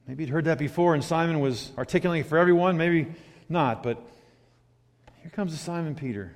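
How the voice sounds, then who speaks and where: A man preaching a sermon, swinging from hushed, reflective asides to loud, emphatic points. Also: a little high, lively intonation, a little fast, vocal fry. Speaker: pastor. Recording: hall reverb.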